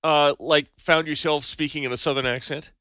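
A man co-hosting a talk radio show, teasing with quick questions. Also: on the high side, steady tone, sharp tone, clear, resonant tone, no echo, studio quality. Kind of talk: casual talk radio banter.

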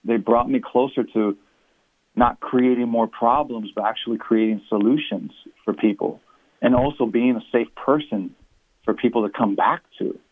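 A man who is a pastor and author, speaking as an interview guest and explaining his views in an earnest, measured way. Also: medium pitch, no echo. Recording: tinny phone-line sound.

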